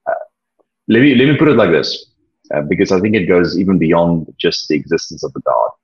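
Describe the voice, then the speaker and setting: A man being interviewed, speaking reflectively in a halting way, often repeating words and pausing with ums. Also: deep voice, lively intonation, husky. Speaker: interview guest, former church leader. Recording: dull lo-fi audio.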